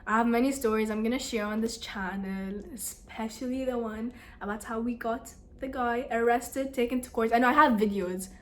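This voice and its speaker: A young woman vlogger telling a story to the camera in a casual, animated, exasperated way. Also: on the high side, normal speed, few pauses.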